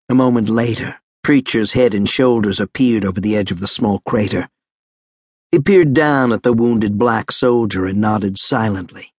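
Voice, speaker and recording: A male audiobook narrator reading in a measured, even way at a middle pitch. His voice is husky, and the recording is dry and close with no room sound. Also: dry recording. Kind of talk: scripted narration.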